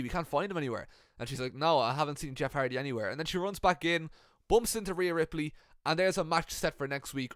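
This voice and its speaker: A man's voice: on the high side, a bit bright, dry recording, clean studio sound. A young man casually recounting an imagined wrestling storyline, swearing freely and acting out the wrestlers' lines. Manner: swears often, acts out the wrestlers' quotes. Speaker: wrestling commentator.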